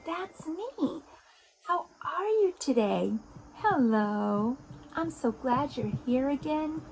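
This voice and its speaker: A woman hosting an interactive lesson for toddlers, talking directly to small children in an animated, coaxing way. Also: high-pitched, takes it slowly, gravelly, a little hiss or hum, poor audio. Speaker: children's video host.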